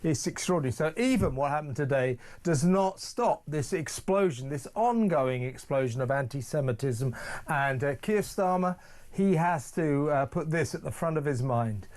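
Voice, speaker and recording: A male British guest on live talk radio, speaking forcefully and repeating phrases for emphasis. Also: fairly high pitch, lively intonation, normal speed. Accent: British English. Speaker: studio guest.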